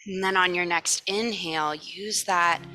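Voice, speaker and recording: A woman teaching a morning yoga class, chatting casually and then giving calm, relaxed breathing cues. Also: fairly low pitch, measured pace, soft background music. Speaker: yoga instructor.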